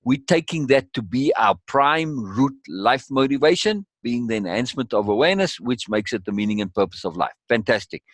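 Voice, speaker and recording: A man's voice: mid-range voice, lively intonation, fairly quick, few pauses, no echo. A man leading a course session in conversational teaching style, emphatic and repeating key words for weight.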